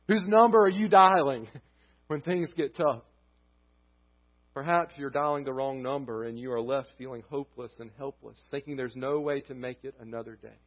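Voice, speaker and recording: Man preaching a sermon, lo-fi sound. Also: medium pitch. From United States. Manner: impassioned preaching, rising to near-shouts, dropping to hushed closings. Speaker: pastor. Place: church sanctuary.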